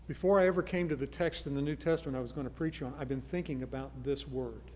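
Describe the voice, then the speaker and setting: A man preaching a sermon, earnest, moving from soft pleading to loud emphasis. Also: mid-range voice, fast, hardly any pauses, big-room sound. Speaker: pastor.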